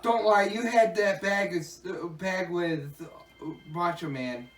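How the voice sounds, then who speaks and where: A man's voice: high voice, unhurried, a bit bright. A man who is a podcast guest in casual chat, making teasing, laughing asides. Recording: roomy echo, distant mic, faint music.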